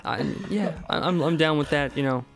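A man's voice: a little high, brisk, gravelly, soft background music. A man co-hosting a radio show in casual chat, agreeing emphatically.

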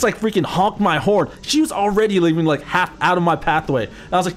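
Profane, animated man telling stories. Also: high-pitched, fast, few pauses. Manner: profane, animated storytelling with acted-out quotes. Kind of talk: casual chat.

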